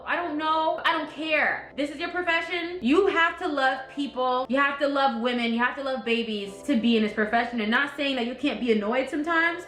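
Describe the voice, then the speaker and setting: Chatty young woman in an echoey room. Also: high-pitched. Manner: chatty, animated retelling with quoted voices. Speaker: vlogger. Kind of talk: casual storytelling to camera.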